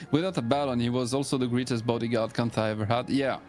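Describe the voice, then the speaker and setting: A man's voice: medium pitch, steady tone, a little fast, darkish tone, faint music behind. A man chatting casually while playing an online game, enthusiastic and full of fillers and restarts. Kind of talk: casual gaming chat.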